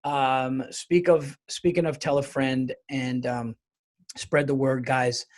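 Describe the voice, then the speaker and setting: A man hosting his own comedy podcast, talking solo in an animated, rambling, jokey way with some swearing. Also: medium pitch, slow. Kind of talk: casual solo podcast monologue.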